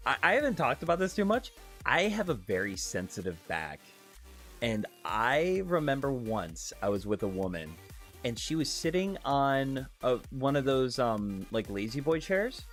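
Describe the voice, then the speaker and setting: A male streamer chats loosely with his viewers, tossing out swear words and giggles as he answers their questions. His voice leaps between high and low, with quiet music running under it. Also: normal speed. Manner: animated, giggly, profane. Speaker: live streamer. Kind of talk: casual chat, reading viewer questions.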